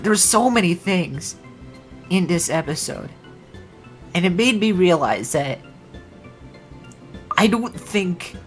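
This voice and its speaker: A woman streamer chatting casually on a livestream, rambling in a wry, sarcastic way. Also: lowish voice.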